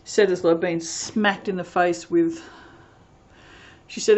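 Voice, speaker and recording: A woman's voice: fairly low pitch, steady tone, slow pace, long pauses, a little mellow. A woman chatting casually as she reviews soap fragrances, rambling and reading product blurbs aloud. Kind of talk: casual unboxing chat.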